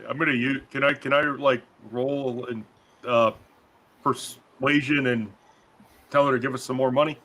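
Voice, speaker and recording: A man's voice: mid-range voice, steady tone, moderate pace, bright, forceful tone. Teasing man joking through a game. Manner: giggly, teasing. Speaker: player. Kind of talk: casual game banter.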